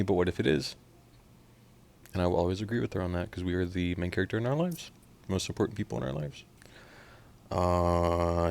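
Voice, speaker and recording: Low gravelly-voiced man reacting to music. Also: brisk, pauses often, no echo. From Oklahoma. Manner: animated, profane, swings from mumbling to loud outbursts. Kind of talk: casual album reaction.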